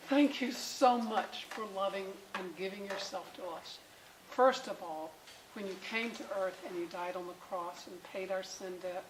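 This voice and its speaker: A middle-aged woman teaching a Bible class for mothers and closing in prayer, animated and emphatic, with bursts of excitement. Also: medium pitch. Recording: echoey room with faint background noise.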